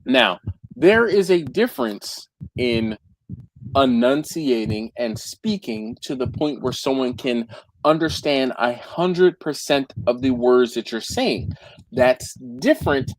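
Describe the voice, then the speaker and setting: A man's voice: medium pitch, expressive, slow pace, slight background noise, rough recording. A man hosting a casual live chat, rambling and stumbling over repeated words, acting out quotes with jumps in his voice. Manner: acts out quotes with big jumps in voice. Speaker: livestream host.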